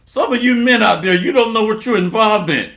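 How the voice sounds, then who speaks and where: A man preaching a sermon, sarcastic and full of repeated refrains, shifting from low muttering to loud bursts and reading scripture aloud. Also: fairly quick, reverberant.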